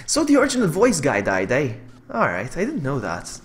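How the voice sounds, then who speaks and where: A man streaming a game live, commentating casually, laughing often and yelling when the game beats him. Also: fairly high pitch, fairly quick. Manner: excitable, laughs often, yells in frustration. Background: game music.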